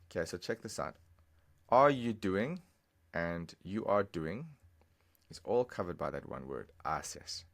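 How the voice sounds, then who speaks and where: Low gravelly man teaching step by step. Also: lively intonation. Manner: patient, repeats phrases slowly, explains step by step. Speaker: language teacher. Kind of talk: screen-recorded language lesson.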